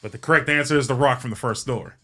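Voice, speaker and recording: Bright-voiced man rambling through a joke. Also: mid-range voice, fast talker. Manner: rambling, profane, joke-telling. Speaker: podcast host. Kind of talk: casual storytelling.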